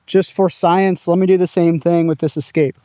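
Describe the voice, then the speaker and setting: A man's voice: high-pitched, fairly even intonation, normal speed, mellow, dry recording. A man casually talking through his disc golf throws in an open field, upbeat and chatty. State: out of breath at times. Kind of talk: casual outdoor vlog commentary.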